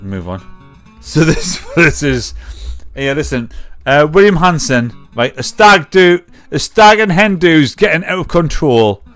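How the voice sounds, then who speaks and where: A man's voice: fairly high pitch, sing-song, unhurried, fairly bright tone, soft background music. A tipsy man hosting a live comedy show, rambling, swearing and laughing at his clips. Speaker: livestream comedy host.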